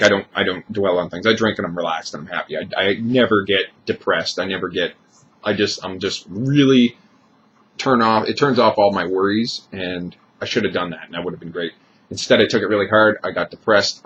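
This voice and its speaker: A man in his thirties speaks in a rambling, confessional way, circling back and restarting his sentences. His voice sits fairly low. The recording is dull and lo-fi, with a faint hiss underneath. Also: a bit bright. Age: 30s. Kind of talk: personal vlog monologue.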